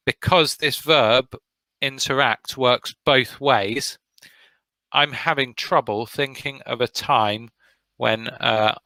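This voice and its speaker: A man's voice: medium pitch, pushed and bright, no room sound, rough recording. A man from the UK with a British accent, teaching an online vocabulary lesson and encouraging students by name. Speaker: English teacher.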